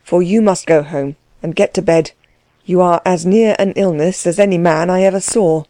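A woman voicing a calm, dryly ironic gentleman in an audiobook, measured and unruffled. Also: lowish voice, no room sound, natural voice. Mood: kind. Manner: measured, unruffled, dry irony. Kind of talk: audiobook character reading.

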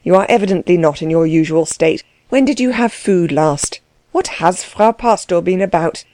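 A woman voicing a calm, dryly ironic gentleman in an audiobook, measured and unruffled. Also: on the low side, no echo, lightly acted. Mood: kind. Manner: measured, unruffled, dry irony. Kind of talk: audiobook character reading.

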